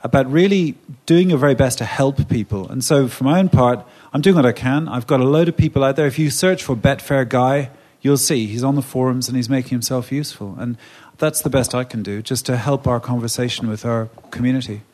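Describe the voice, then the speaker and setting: A man from England speaking on a conference panel, animated and conversational, often restarting his sentences. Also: mid-range voice, brisk, hardly any pauses. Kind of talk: panel discussion.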